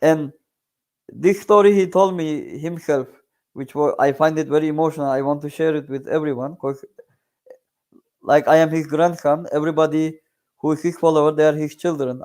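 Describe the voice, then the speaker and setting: A man, the shaykh's grandson, telling a religious life story in an earnest, halting way with many fillers. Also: on the high side, fairly even intonation, darkish tone. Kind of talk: casual spoken storytelling.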